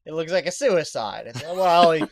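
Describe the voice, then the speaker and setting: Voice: medium pitch, expressive, a little fast, crowd noise. A co-host in a casual podcast chat, throwing in dry joking asides.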